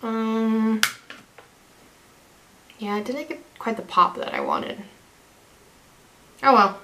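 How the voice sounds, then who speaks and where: Bright-voiced chatty young woman vlogger. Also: on the high side, huge pitch swings, takes it slowly, a little hiss or hum. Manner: chatty, self-deprecating, rambling with restarts. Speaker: beauty vlogger. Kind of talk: casual makeup tutorial chat.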